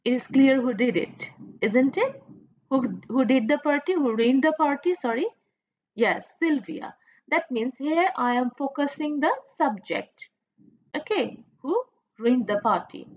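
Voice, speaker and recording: A woman with a Bangladeshi accent teaches English grammar in a recorded lecture. She speaks slowly and patiently in a fairly high voice, often asking the class questions. The recording sounds dull and lo-fi. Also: animated. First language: Bengali. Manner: slow, patient, asks questions and repeats points.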